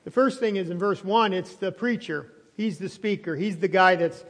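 A man's voice: high-pitched, moderate pace. A man, a pastor, preaching a conversational sermon while chewing gum, with frequent restarts and rising emphasis. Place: church sanctuary. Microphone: not wearing his lapel mic. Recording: long hall reverb.

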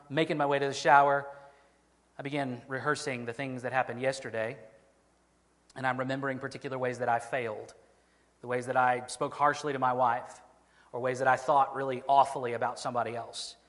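A man preaching a sermon as pastor, earnest, slowing down to stress key phrases. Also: medium pitch, little pitch movement, fairly bright tone, in a large hall.

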